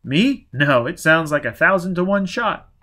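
A man reading an audiobook, voicing a nervous retired crook who talks in a gruff, blustering way. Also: on the high side, expressive, moderate pace, pushed and bright, voice pushed up. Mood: weary.

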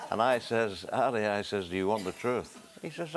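A man's voice: on the low side, lively intonation, measured pace, long pauses, very noisy. An older man with a Northern Irish accent, a talk show guest telling a casual anecdote and acting out the quotes. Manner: storytelling with acted-out quotes. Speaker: talk show guest, former sports broadcaster.

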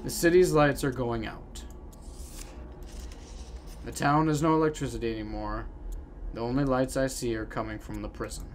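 A man reading a lonely, melancholy game character's letters aloud in a low, subdued voice. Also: fairly even intonation, normal speed, long pauses, slight background noise, close to an everyday voice. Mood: gloomy.

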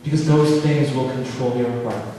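A man's voice: mid-range voice, fairly even intonation, normal speed, warm tone, a little hiss or hum. A male pastor preaching a sermon, pleading with earnest questions to his listeners. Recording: echoey hall from far off.

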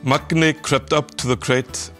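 A man reading a children's story aloud in a calm, measured way. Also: on the high side, faint music behind. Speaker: narrator.

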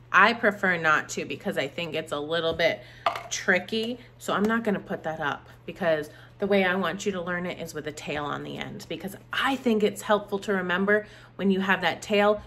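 A woman teaching an online preschool lesson, talking with animated, exaggerated sounds for little children. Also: lowish voice.

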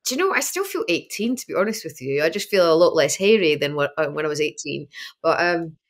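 Scottish woman, 50s, lower register, chatty interview guest who acts out voices. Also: animated, quick pace. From Scotland. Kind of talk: casual interview chat.

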